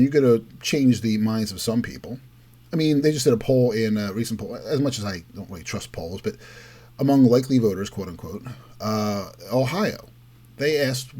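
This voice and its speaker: A man's voice: mid-range voice, mellow, breathy edge. A man hosting a political commentary show, delivering an opinionated monologue and mocking others with quoted voices. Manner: emphatic, mocking quotes in raised voice.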